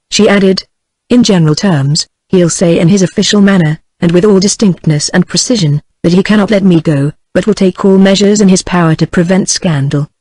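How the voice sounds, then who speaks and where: A text-to-speech woman's voice with a British English accent, reading a novel aloud in an even, uninflected way. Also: fairly low pitch, brisk, slightly rough, no echo, low-quality recording. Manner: even, uninflected reading of dialogue and narration alike. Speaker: narrator. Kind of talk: text-to-speech audiobook narration.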